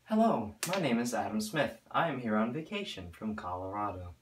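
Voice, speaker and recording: A man's voice: medium pitch, animated, rapid-fire, pushed and bright, very echoey, recorded from a distance, a little hiss or hum, voice pushed down. An actor playing an Icelandic man stiffly faking an American accent.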